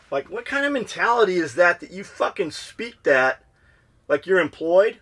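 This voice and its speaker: Profane, animated male podcast storyteller. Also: high voice, moderate pace. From United States. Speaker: podcast co-host. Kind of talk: casual storytelling chat.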